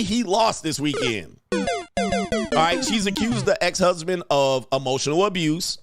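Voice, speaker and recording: Guy roasting clips on his show, loud and mocking, slangy, dry close sound. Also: mid-range voice, dry recording. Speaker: commentary host. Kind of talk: casual reaction commentary.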